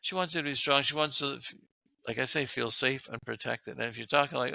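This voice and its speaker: A man's voice: medium pitch, fast, gravelly, pushed and bright, no room sound. A man, a guest author, talking earnestly about relationships and laughing often as he makes his points. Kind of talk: casual interview talk.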